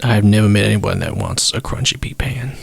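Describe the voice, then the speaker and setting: Man hamming up a Southern gentleman. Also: lowish voice, fairly even intonation, brisk, creaky, breathy edge. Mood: hammy. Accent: put-on American Southern drawl. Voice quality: hammy, folksy drawl. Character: Southern gentleman adventurer, addressed as Governor.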